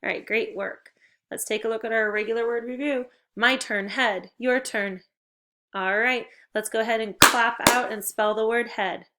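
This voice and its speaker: A woman teaching children in a recorded video lesson, giving encouraging, clearly paced instructions and drawing out key words slowly. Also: on the high side, fairly even intonation, bright, forceful tone, slight background noise. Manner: stretches out target words slowly.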